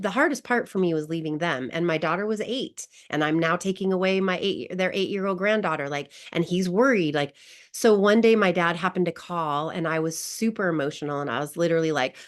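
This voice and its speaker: A woman guest coach who tells a personal story in an online wellness class, emotional and laughing often. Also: lowish voice. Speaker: grief recovery guest coach.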